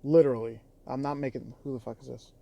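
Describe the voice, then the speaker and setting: A man's voice: mid-range voice, fairly even intonation, fast talker, vocal fry, warm tone, no echo. A man who drives for a rideshare app, talking in a casual vlog with a heated, exasperated, profane delivery. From Chicago area.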